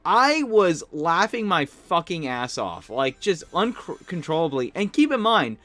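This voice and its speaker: Male podcast host, slightly high voice, excitable and laughing, just getting over a cold. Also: unhurried, no echo. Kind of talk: casual solo podcast commentary.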